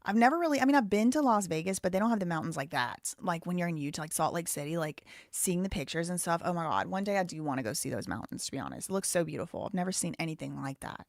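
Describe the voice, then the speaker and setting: A woman's voice: fairly low pitch, lively intonation, fast talker, few pauses, no room sound, studio quality. A woman with a Southern American accent hosting a live show, chatting casually and reading out viewer donations and messages. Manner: chatty, thinks aloud, reads viewer messages. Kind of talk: casual live-stream commentary.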